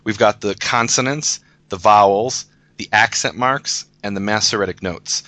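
A lower-pitched man with a bright, forceful tone, patiently walking listeners through a passage in a casual discussion. He restarts sentences often as he explains, and the sound is dry and close. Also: moderate pace, no room sound. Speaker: guest teacher of Hebrew scripture.

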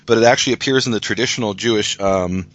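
Man, low voice, bright tone, patient explainer, casual discussion, frequent restarts. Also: fast talker, highs cut off. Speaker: guest teacher of Hebrew scripture.

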